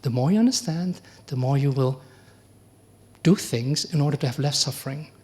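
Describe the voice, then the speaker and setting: A middle-aged man, a monk giving a conversational dharma talk, often asking the audience questions and acting out quoted exchanges. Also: moderate pace. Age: middle-aged or older. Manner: acts out quoted exchanges with lively pitch jumps. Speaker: Buddhist monk teacher.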